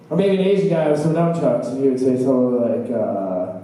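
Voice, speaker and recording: A man's voice: medium pitch, animated, dark tone. Rambling stand-up man in an echoey bar. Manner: halting, meandering delivery with fillers and trailing asides. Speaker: open mic comedian. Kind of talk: stand-up comedy set. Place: small bar open mic stage, indoors. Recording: echoey bar from a distant camera with faint room noise.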